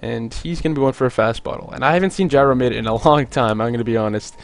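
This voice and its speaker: A man's voice: medium pitch, quick pace. Rambling young male game caster. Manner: rambling, jokey, lots of "like" fillers. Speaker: esports caster. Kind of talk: solo play-by-play commentary.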